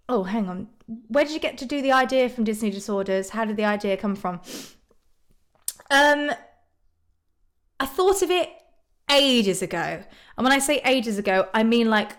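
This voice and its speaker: A woman from Ireland chatting casually on a live stream, reading out viewer comments and answering them. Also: mid-range voice. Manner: bubbly, frequent ums and laughs.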